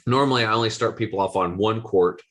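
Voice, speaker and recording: A man in his forties, a guest health coach, telling a story with excitable, slangy energy. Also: lowish voice, fast. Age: 40s. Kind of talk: animated storytelling.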